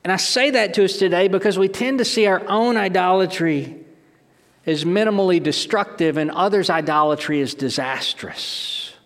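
A man's voice: high voice, moderate pace, fairly bright tone, in a large hall. A middle-aged man, a pastor, delivering a sermon emphatically, with rhetorical questions and restarts.

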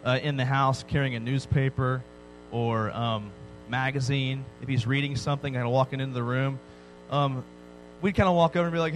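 A man's voice: medium pitch, steady tone, a little fast, few pauses, faint music behind, poor audio. A man in his thirties preaching a sermon, joking and telling stories with frequent "right?" asides. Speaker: pastor. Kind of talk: sermon to a youth audience.

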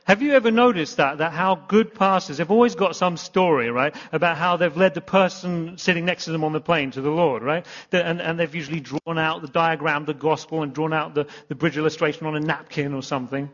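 Pastor guy preaching, kinda high voice, rambly and self-deprecating, big echoey church hall. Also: a little fast, few pauses. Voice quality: rambling, self-deprecating storyteller with many restarts. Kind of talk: sermon. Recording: long reverb, muffled hall sound.

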